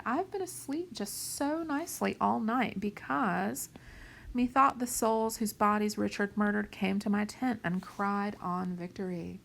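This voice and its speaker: A woman teaching a lecture on a play, explaining plainly, checking in with "right?" and "okay?", and softly whispering some quoted lines. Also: medium pitch, gravelly.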